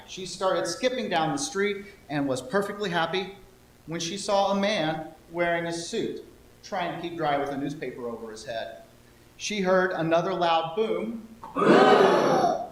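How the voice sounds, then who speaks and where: A man telling an interactive story to a congregation, playful and coaxing listeners to join in. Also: fairly high pitch. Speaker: lay speaker telling a children's story. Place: church sanctuary. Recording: echoey church hall, faint hum.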